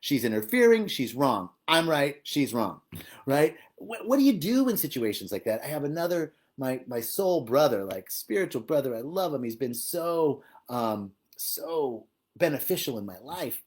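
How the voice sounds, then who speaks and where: A man giving a live-streamed spiritual talk, animated and emphatic, often laughing as he speaks. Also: fairly high pitch, normal speed. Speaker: spiritual teacher.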